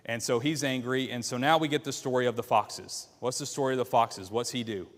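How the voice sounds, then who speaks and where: A man's voice: medium pitch, a little fast. A man teaching a church Bible class, retelling a story and putting questions to the class. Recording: long hall reverb.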